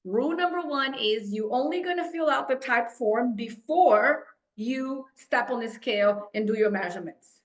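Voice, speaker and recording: A woman coaching a group on a call, animated and chatty, often checking in with "right?". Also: fairly high pitch, moderate pace, few pauses, roomy sound, low-quality recording. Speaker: fitness coach.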